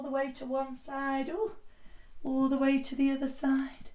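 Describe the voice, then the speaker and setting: A woman guides children through a yoga class, gentle and encouraging, with a slightly high voice. She sounds set back from the mic in an echoey room. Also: flat delivery, normal speed, distant mic.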